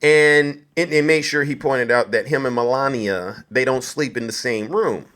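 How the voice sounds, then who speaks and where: A man hosting a live stream, giving a theatrical, preachy mock-solemn speech to his audience with drawn-out pauses. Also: mid-range voice, a bit bright.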